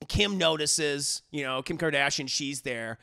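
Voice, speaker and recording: A man giving a rambling, comedic movie recap, animated and full of profanity and restarts. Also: fairly high pitch, a little slow, vocal fry. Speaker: movie reviewer.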